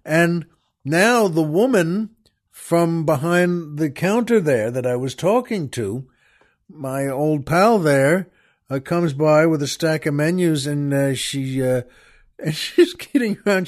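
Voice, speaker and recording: An older man spins a casual, rambling anecdote as a show host, chuckling wryly as he goes. His voice sits a little high for a man, and he stumbles and restarts as he talks. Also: a little slow. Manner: rambling, wry, with small laughs and restarts. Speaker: podcast host. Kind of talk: casual storytelling monologue.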